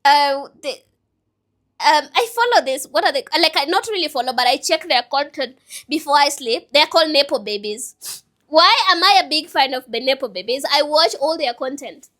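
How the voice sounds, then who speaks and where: Bright-voiced young woman, candid and emotional. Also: sits high, expressive, normal speed. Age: 20s. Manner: emotional, rambling, self-reflective. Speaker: vlogger and business owner. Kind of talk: candid personal vlog.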